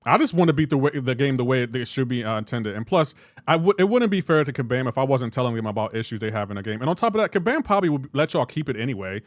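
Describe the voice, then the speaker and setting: A young man with a mid-range voice live-streams a mobile game, talking very fast and joking back and forth with his chat in a casual, animated way. The sound is clean studio quality with no room sound.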